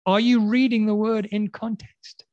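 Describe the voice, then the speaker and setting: A man preaching with emphatic, questioning delivery, his slightly high voice rising on challenges and sinking low and slow on key words. The sound is dry and close, with no room echo. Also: flat delivery, darkish tone, muffled recording. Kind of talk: sermon.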